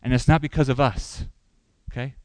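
A man's voice: mid-range voice, fairly even intonation, normal speed, a little mellow, no echo, rough recording. Male pastor, sermon delivery, questioning and emphatic, dry close recording. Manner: asks the congregation questions, rising for emphasis.

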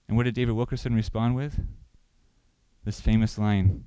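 A man's voice: mid-range voice, steady tone, fairly quick, darkish tone, clean tone, no room sound, low-quality recording. Guy pastor preaching, asks the room questions, pushes up for emphasis, dry close sound. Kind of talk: sermon.

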